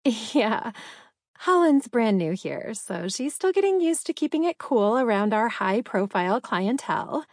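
A woman's voice: on the high side, sing-song, measured pace, no room sound, studio quality, full character voice. Woman putting on a sugary catty waitress. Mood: flirty, mocking.

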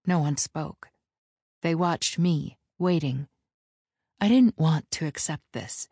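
A woman narrating a first-person audiobook at a measured, steady pace, voicing the characters herself. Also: deep voice, breathy edge, dry recording, studio quality.

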